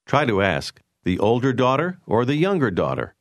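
A man narrating a language course in a clear, measured way, prompting the learner with phrases to say. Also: mid-range voice, wildly swooping pitch, dry recording, studio quality. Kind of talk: scripted instructional narration.

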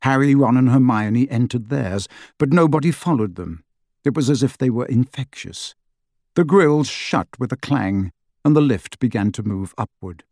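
A man narrating a fantasy novel as an audiobook, with expressive storytelling. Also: medium pitch, normal speed, no echo, clean studio sound. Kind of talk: scripted narration.

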